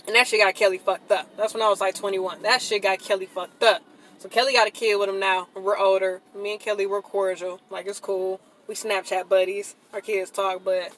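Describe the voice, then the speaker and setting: A woman speaking to camera in a blunt, profane, emphatic rant, swinging into loud outbursts. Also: medium pitch, a little fast, a little hiss or hum, low-quality recording. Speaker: vlogger. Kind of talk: casual venting monologue.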